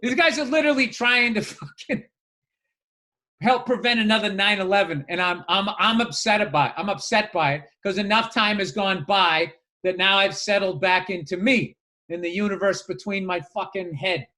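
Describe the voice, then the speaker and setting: A man co-hosting a podcast in casual chat, rambling and swearing freely with animated asides. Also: high-pitched, moderate pace. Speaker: podcast co-host.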